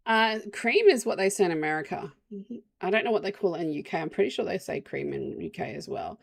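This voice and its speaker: An Australian woman streams a game and chats casually with her viewers, rambling from one topic to the next. Her medium-pitched, creaky voice swings widely in pitch and moves at a quick pace.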